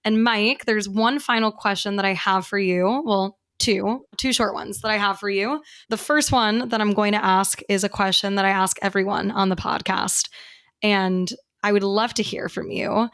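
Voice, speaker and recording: A woman's voice: medium pitch, steady tone, normal speed, a bit bright. Brief: female podcast host, earnest, conversational, many fillers. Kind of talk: conversational interview.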